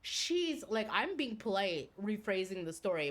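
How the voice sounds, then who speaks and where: A woman's voice: medium pitch, a little slow, hardly any pauses. A woman streaming a game, casually telling a long story with lots of swearing and laughter. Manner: animated, swears freely, laughs while telling. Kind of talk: casual storytelling during a livestream.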